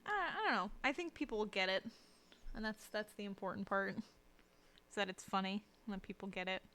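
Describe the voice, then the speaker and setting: A woman streamer chatting casually while she draws, rambling and self-deprecating, with lots of fillers and restarts and a habit of dropping to a low mutter as she works. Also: moderate pace, pushed and bright. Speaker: streamer and artist. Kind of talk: casual live-stream chat while drawing.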